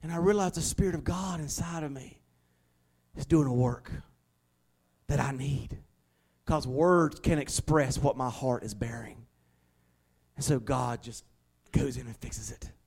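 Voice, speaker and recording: A male pastor, preaching a sermon in a folksy, conversational way and leaning on slowed, emphatic stresses. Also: mid-range voice, a little mellow, breathy edge. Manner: emphatic, with slowed dramatic stresses and acted-out prayers.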